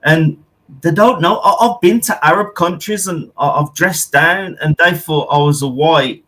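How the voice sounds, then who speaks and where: A man's voice: a little high, normal speed, bright, forceful tone. A British man calling in to a chat show over a weak connection, talking brashly and casually, swearing a lot and saying "bro" constantly. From United Kingdom. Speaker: caller. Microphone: remote call with a weak connection.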